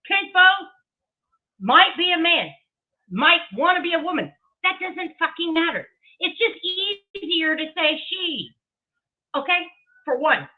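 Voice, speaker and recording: A woman giving a heated, profane commentary rant with emphatic delivery and laughing asides. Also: extremely high pitch. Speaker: commentary streamer. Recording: tinny phone-like audio.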